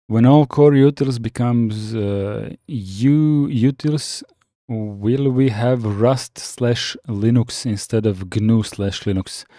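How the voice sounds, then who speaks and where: A man chatting casually on a live stream, reading out viewer comments and answering with frequent pauses and restarts. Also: medium pitch, warm tone, dry recording, studio quality. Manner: halting, many fillers and restarts, reads chat aloud.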